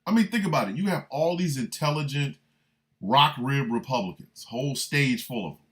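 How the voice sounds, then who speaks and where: A man hosting a livestreamed radio talk show, riffing in a loose comic way and shouting out listeners by city. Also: medium pitch, animated, normal speed. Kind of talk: livestreamed political comedy talk.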